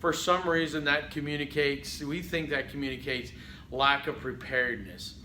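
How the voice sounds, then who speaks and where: A man teaching a public speaking class in a conversational lecture, often saying "okay" and acting out halting speech full of fillers. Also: fairly high pitch, pushed and bright, echoey room, slight background noise, poor audio. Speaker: college public speaking instructor. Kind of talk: recorded lecture.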